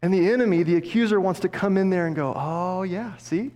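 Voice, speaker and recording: A man preaching a sermon as pastor, passionate, dropping low and soft for emphasis. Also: rapid-fire. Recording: long hall reverb.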